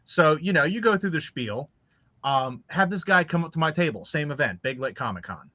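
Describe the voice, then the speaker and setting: A lively man tells convention stories in casual podcast chat. His voice is bright and a little high. The recording is dry and slightly dull. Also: fairly quick, no room sound. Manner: lively storyteller, animated and chatty. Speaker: author selling at conventions.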